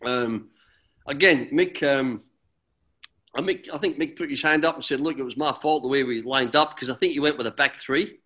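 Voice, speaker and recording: A middle-aged man, a former footballer, telling relaxed stories as an interview guest, rambling with restarts and friendly "mate"s. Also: medium pitch, moderate pace. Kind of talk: relaxed anecdotal storytelling.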